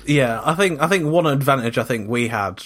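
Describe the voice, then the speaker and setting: A man's voice: medium pitch, expressive, a little fast, fairly bright tone. A man co-hosting a podcast, talking in an easygoing way and laughing often. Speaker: podcast co-host. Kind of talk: casual chat.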